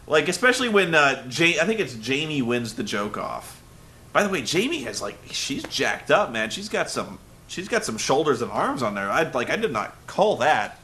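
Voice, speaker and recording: A young man hosting a casual recap, rambling and animated, breaking into loud shouted impressions. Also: mid-range voice, normal speed, a little hiss or hum. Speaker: web show host. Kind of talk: casual wrestling recap rant.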